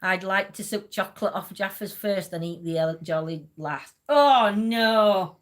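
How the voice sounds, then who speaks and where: A woman's voice: mid-range voice, measured pace. Chatty woman. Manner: chatty and rambling, laughs often. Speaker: livestream host. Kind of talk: casual chat.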